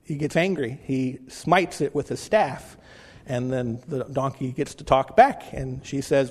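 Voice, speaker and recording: A male pastor preaching a sermon in a conversational way, often restarting phrases and slowing down to read scripture. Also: medium pitch, a little mellow, breathy edge, big-room sound.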